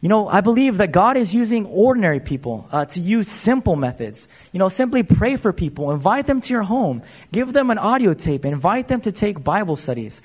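A man with a high-pitched voice preaches in a church. He talks loosely and conversationally, with plenty of "uh" fillers, and keeps addressing the congregation as "you guys". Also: very animated, a little fast, hardly any pauses, slightly rough. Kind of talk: sermon.

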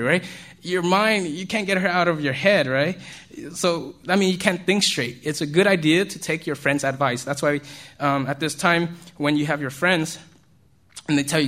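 A man delivers an easygoing sermon to young listeners in a voice that sits a little above the usual male range. He keeps it conversational, checking in with the group and chuckling softly between points. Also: fairly high pitch, moderate pace. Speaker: youth speaker. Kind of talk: informal sermon to young people.

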